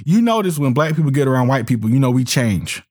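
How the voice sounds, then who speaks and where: A man's voice: medium pitch, big pitch swings, fast, a little mellow. A man delivering a heated monologue, emphatic and repetitive, often restarting his words and slipping into sneering mock voices. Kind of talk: ranting monologue commentary.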